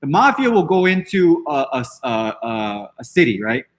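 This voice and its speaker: Speaking at normal speed with a medium pitch and big swings in intonation, a male podcast host rants in an unscripted, casual way. He comes across as brash, dismissive and defiant, cursing freely and rambling with many restarts.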